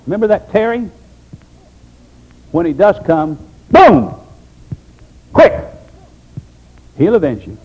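A man pastor preaching an emphatic sermon, dropping low for solemn points. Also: expressive, normal speed, long pauses, highs cut off.

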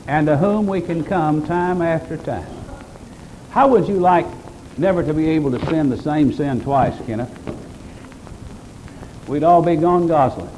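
A man's voice: fairly high pitch, dark tone, a little hiss or hum, rough recording. A man preaching a sermon at a church service, quoting scripture at length in old-fashioned phrasing, with folksy, homespun asides. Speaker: pastor.

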